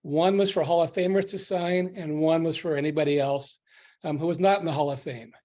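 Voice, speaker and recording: A man in the audience speaks earnestly, thanking the speakers and recalling a memory in a casual comment during a video session. His voice sits on the high side and is steady, brisk and slightly mellow. He sounds grateful and reminiscent.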